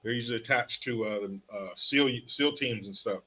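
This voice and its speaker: A man's voice: fairly low pitch, moderate pace, sharp tone, husky. A man hosting a casual live stream, reading viewer comments aloud with joking, sarcastic asides. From California. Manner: joking, sarcastic, reads chat names aloud.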